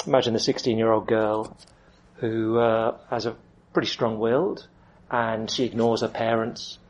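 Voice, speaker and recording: A man preaching through a Bible passage, with quick asides and acted-out voices. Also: medium pitch, darkish tone. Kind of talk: expository sermon with Bible reading. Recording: dull lo-fi sound.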